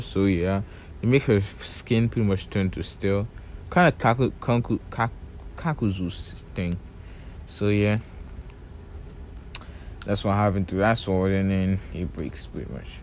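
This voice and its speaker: A young man with a fairly low voice, rambling through a fan-made story in a relaxed, offhand way. He leans on fillers and restarts, with faint background hiss. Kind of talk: casual fan-fiction retelling.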